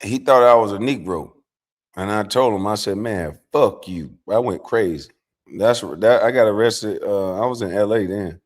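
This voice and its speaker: A middle-aged man hosting a livestream, telling stories in a casual, profane, animated way, dropping from low mutters to loud outbursts. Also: moderate pace. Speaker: livestream host.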